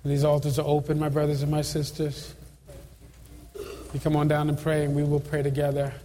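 A man's voice: a little high, monotone, brisk, mellow, slight background noise. A middle-aged male pastor giving an altar call and leading prayer, earnest and pleading, often repeating phrases. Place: large church sanctuary. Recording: reverberant hall with faint ambience.

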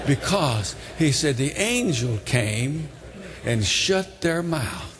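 An older man preaching a sermon, retelling a story with dramatic swings from hushed tones to shouting. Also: on the high side, sing-song, takes it slowly. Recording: long hall reverb.

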